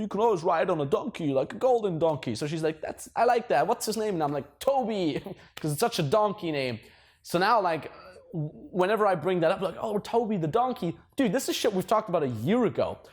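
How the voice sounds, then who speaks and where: A man giving casual dating advice, swearing a lot and laughing at his own stories. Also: fairly high pitch. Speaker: dating coach.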